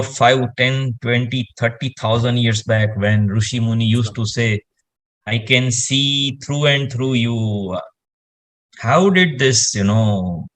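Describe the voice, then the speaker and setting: A man, explaining space science in casual conversation and rambling with lots of "you know" fillers. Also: medium pitch.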